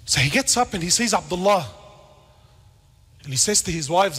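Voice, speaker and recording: A man preaches with fierce passion, his voice riding high and leaping across a wide pitch range. He swings from ringing shouts down to quiet, hushed asides. A long hall reverb trails behind every line. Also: lively intonation, moderate pace, breathy edge. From Lebanon. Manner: peppers speech with Arabic words and casual slang. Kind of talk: passionate sermon.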